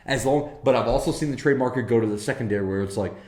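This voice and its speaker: In an echoey room, a fast-talking man with a mid-range, somewhat dark voice hosts a relaxed whiskey live stream. Full of enthusiasm, he curses openly as he addresses people in chat.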